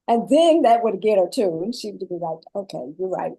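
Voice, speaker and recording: A woman guest on a panel, explaining her caregiving experience in earnest, measured phrases. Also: mid-range voice, expressive, warm tone, husky, dry recording, poor audio. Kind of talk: panel discussion.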